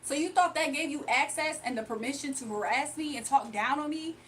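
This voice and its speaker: A woman's voice: high-pitched, brisk, far from the mic, noisy background. A woman livestreaming a card reading, ranting bluntly to her chat with repetitive rhetorical questions. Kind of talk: heated livestream rant to chat.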